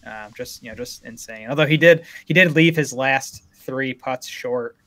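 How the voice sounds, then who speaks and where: A man's voice: medium pitch, fairly bright tone. A man co-hosting a golf betting podcast, talking through odds in an easygoing, analytical way. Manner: easygoing, analytical, quick to agree. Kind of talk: casual sports chat.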